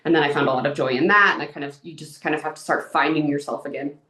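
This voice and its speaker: A woman in her thirties with a low voice, speaking as an interview guest. She talks openly and emotionally, with lots of "like"s. The room around her is echoey. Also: steady tone, racing, bright, forceful tone. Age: 30s. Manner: open and emotional, chatty with many "like"s. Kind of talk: candid personal interview.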